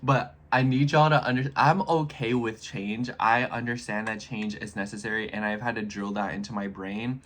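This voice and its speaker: A man in his twenties chatting casually in a vlog, rambling and animated as he speaks straight to his viewers. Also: on the low side, normal speed, few pauses, slight background noise. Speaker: astrology YouTuber.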